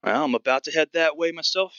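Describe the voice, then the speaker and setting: A man's voice: on the high side, quick pace, a bit bright, clean tone, no room sound, highs cut off, pitched above the performer's own voice. A man voicing a pompous, money-minded male bard with a smug, mercenary drawl.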